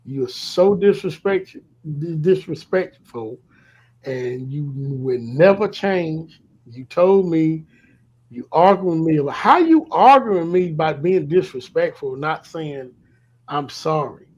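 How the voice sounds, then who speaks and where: Man, husky, slightly high, candid confessional storyteller. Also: expressive, takes it slowly, poor audio. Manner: candid, confessional, trails off softly at times. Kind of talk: casual storytelling chat.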